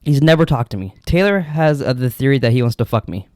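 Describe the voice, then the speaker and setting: A man's voice: medium pitch, expressive, fast, darkish tone, no echo, clean studio sound. A young man co-hosting a podcast, telling rambling, profane stories in casual chat. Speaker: podcast co-host.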